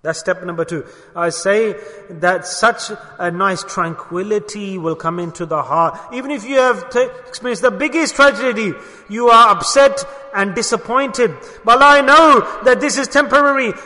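In a large hall with long, ringing reverb, a man preaches a sermon in a very high, bright voice. He drives his points home with emphatic rhetorical questions and frequently sinks into soft, low murmurs.

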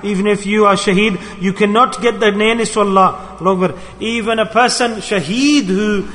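A man's voice: high voice, steady tone, moderate pace, fairly bright tone. A man preaching a sermon with passion, repeating his key phrases for emphasis. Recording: long hall reverb.

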